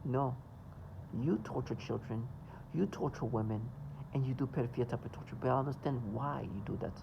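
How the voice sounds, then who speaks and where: Gravelly, agitated man ranting. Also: medium pitch, a little fast, highs cut off, noisy background. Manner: agitated, insistent, rambling. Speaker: vlogger. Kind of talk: emphatic monologue to camera.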